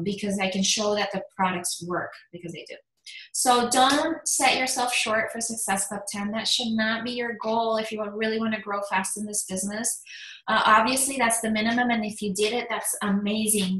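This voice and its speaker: A woman in her forties, a fitness business coach, giving an energetic motivational talk in emphatic bursts. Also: on the high side. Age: 40s. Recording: echoey room.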